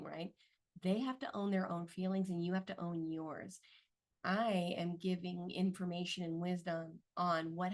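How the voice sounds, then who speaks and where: Brief: woman, slightly lower register, casual advice monologue, constant "right?" tag questions. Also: a little mellow. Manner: conversational, keeps asking "right?" for agreement. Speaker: astrology content creator.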